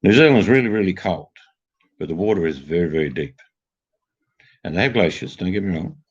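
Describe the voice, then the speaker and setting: Older Australian male host, casual storyteller; very low husky voice, dull lo-fi audio. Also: expressive, a little fast. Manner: chatty storyteller, jokey. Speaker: livestream host. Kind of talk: casual chat. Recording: dull lo-fi sound.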